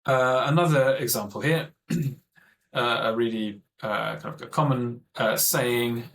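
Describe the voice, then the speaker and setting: A man's voice: mid-range voice, fairly even intonation, unhurried, vocal fry, a bit bright, low-quality recording. A man giving an online training presentation for teachers, explaining methods in a thoughtful way and often correcting himself mid-sentence.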